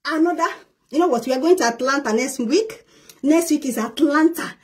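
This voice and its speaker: Shrieking, overjoyed woman with a very high voice. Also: brisk. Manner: shrieking, exuberant, repetitive; laughs often while talking. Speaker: network marketer. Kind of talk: excited promotional live video.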